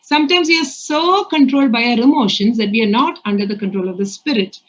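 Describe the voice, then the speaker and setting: A woman's voice: fairly high pitch, quick pace, dull audio. A woman with an Indian accent preaching a sermon in an earnest way, asking many rhetorical questions.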